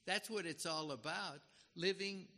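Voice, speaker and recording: A man's voice: high voice, a little slow, pushed and bright. A man giving an earnest, dramatic sermon and acting out the scripture he quotes. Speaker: preacher. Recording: reverberant hall.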